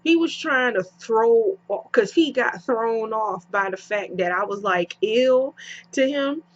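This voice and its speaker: A young woman vlogger telling a personal story in a casual, animated way, slipping into slang and acting out both sides of the conversation. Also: a little high, slow. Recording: dull lo-fi home recording.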